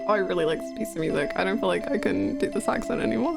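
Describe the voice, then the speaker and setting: A woman's voice: mid-range voice, rapid-fire, creaky, few pauses. A woman streaming a video game, chatting casually and giggling, poking fun at herself. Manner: giggly, chatty, self-mocking. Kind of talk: casual let's-play chat. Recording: game music playing underneath. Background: game music.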